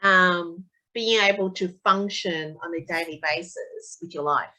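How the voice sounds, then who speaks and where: A woman, a tapping practitioner, talking casually as a guest and telling animated stories. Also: on the low side, measured pace, poor audio. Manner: animated storyteller, acts out quotes of her son. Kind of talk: casual conversational interview.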